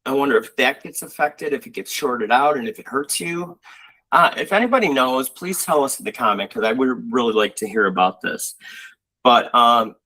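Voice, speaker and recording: In a casual chat, this Buffalo, New York man serves as co-host, his mid-range voice at a moderate pace as he rambles through animated stories full of fillers. The audio quality is poor.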